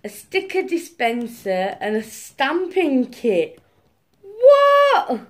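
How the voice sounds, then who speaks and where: A young woman chats excitedly to her viewers as she unboxes gifts. Her voice sits high and swoops up and down a great deal. She takes her time between phrases. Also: unhurried. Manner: gushing, excitable, talks to viewers. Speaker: vlogger. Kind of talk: casual unboxing vlog.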